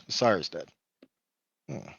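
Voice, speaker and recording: A man's voice: measured pace, fairly bright tone, no room sound, lo-fi sound. A man running a tabletop game as game master, rambling and correcting himself, often chuckling. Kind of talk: narrating a tabletop game online.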